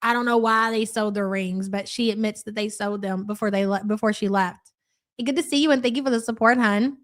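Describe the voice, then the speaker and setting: A woman's voice: mid-range voice, fairly even intonation, brisk. A middle-aged woman hosting a live reaction stream, reading chat messages aloud in a sarcastic, mocking way. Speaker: reaction livestream host.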